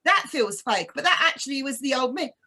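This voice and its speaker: A woman from East London with a softened English accent, chatting casually as a co-host and telling stories. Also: high voice, fairly quick, breathy edge. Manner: chatty storyteller, animated. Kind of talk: casual chat.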